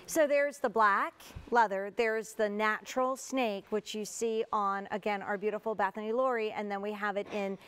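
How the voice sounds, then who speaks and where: A woman's voice: mid-range voice, steady tone, normal speed, hardly any pauses, fairly bright tone, smooth. A woman hosting a live home shopping show, chatting in a bubbly sales patter about shoes. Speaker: shopping channel host.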